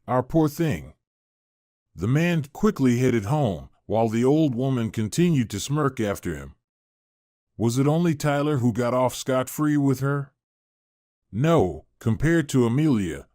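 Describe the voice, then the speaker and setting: A man reading a scripted dramatic family story in a steady narrating voice. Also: mid-range voice, no echo, studio quality.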